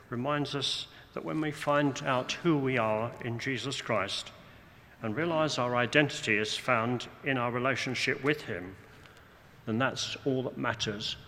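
A man preaching a sermon, measured and deliberate, slowing down for emphasis, with dry, wry asides. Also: mid-range voice, sharp tone. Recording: long hall reverb, faint room noise.

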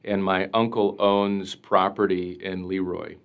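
A man with a somewhat low voice speaks earnestly as a podcast guest, recalling a personal experience. His speech is reflective and heartfelt, peppered with casual "like" fillers and restarts. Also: flat delivery, unhurried, gravelly, fairly bright tone, smooth. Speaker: priest, interview guest. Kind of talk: personal storytelling in conversation.

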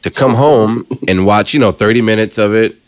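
Deep-voiced, animated male podcaster. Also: normal speed, no echo. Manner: excited, animated storytelling. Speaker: podcast co-host. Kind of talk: casual chat.

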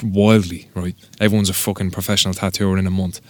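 Irish male tattoo artist, low voice, casual and sweary, dry recording. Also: fast, no echo. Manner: swears freely, rambling and animated. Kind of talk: casual podcast interview storytelling.

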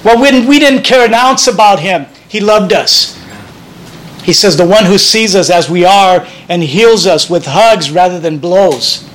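A man's voice: high-pitched, unhurried, fairly bright tone, slight background noise, low-quality recording. A man preaching a sermon as pastor, earnest and conversational, often restarting his phrases.

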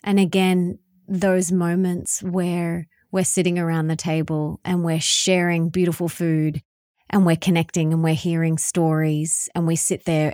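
This is a woman with a fairly low voice, hosting a podcast interview. She talks in a warm, enthusiastic, heartfelt way, recorded close and dry. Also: no echo. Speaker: podcast host.

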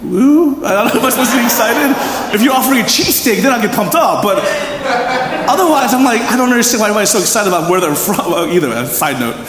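A man preaching in a large church hall, his high voice swooping lively up and down as he chats and quizzes the crowd. Long reverb rings off the walls over a faint room hum. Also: rapid-fire. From Philadelphia, USA. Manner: animated, chatty, asks the audience questions. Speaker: pastor. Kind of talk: conversational sermon.

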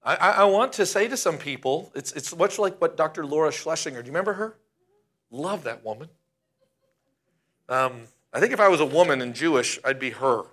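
Forceful, bright-voiced male pastor preaching. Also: on the high side, animated. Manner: emphatic, slowing down to stress key words. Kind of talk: sermon.

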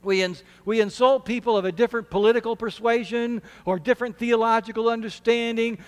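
A man delivers a sermon in an earnest, conversational way, stumbling and restarting phrases as he goes. His voice sits notably high for a man. The sound carries a long reverb from the church sanctuary around him. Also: fairly even intonation, fairly quick, few pauses, smooth. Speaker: pastor.

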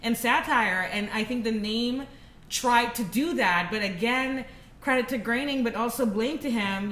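A woman steering a casual panel discussion in a quick, emphatic way. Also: on the high side, lively intonation, sharp tone. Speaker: podcast panelist. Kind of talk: casual chat. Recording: echoey room, faint background noise.

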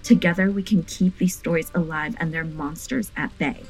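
A woman with a fairly low voice narrates a scripted ghost story with earnest, vivid delivery. Soft guitar music plays faintly under her. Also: steady tone, normal speed, low-quality recording. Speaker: podcast host and narrator.

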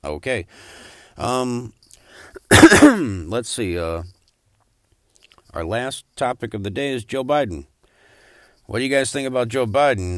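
Young man, podcast host, hesitant, lots of filler words, bursts of swearing, low bright voice. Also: dry recording, studio quality. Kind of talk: crude comedy podcast hosting.

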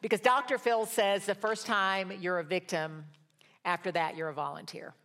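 A woman's voice: medium pitch, steady tone, moderate pace. Older woman teaching a Bible study. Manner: storytelling, swings from hushed to rousing. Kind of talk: sermon-style teaching.

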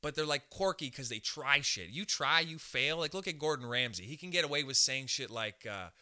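A young man from Canada hosting a podcast, telling a comic story in a loose, animated way, swearing a lot and acting out the voices of other people. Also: medium pitch, a little fast. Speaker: podcast host. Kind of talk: casual comedic storytelling.

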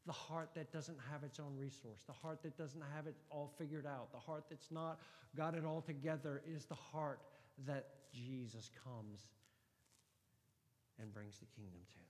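A man preaching a sermon as pastor, swinging from loud emphasis to hushed, almost whispered lines. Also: a little high, fairly even intonation, unhurried. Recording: hall with long reverb.

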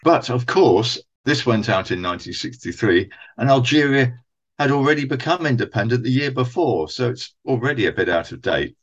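A man's voice: medium pitch, lively intonation, moderate pace, muffled recording. A man co-hosting a podcast, methodically reading out actors' credits and dates in a casual chat about old television. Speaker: podcast co-host.

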